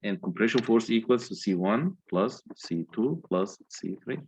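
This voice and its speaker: A man's voice: lowish voice, lively intonation, normal speed, darkish tone, dull audio, slight background noise. A man lecturing on engineering, working through calculations step by step and putting questions to his students. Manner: methodical, asks the class questions.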